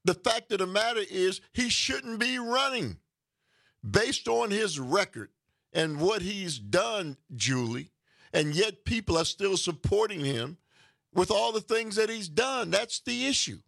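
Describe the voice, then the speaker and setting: A man's voice: high-pitched, animated, measured pace, vocal fry, fairly bright tone, no echo, studio quality. A man hosting a call-in radio talk show, taking callers and arguing his points firmly. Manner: takes calls, argues back firmly.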